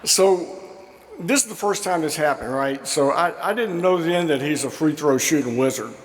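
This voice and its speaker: A man shares memories at a memorial, full of little fillers and playful imitations of his old coach. His voice sits a bit higher than most men's. It carries a long, echoing reverb from a large school gym, with faint room noise behind it. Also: moderate pace. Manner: warm storytelling with fillers, mimics quoted coach. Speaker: memorial speaker, former player. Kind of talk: anecdotal eulogy.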